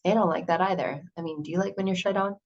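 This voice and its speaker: A woman giving an earnest, animated motivational talk, full of rhetorical questions. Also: lowish voice, quick pace, highs cut off. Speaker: motivational speaker.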